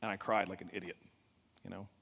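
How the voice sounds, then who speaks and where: Animated man speaking in an echoey hall. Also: sits low, quick pace, gravelly. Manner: animated storytelling, quizzes the audience. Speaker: event speaker. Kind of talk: motivational talk to a live audience. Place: large event hall.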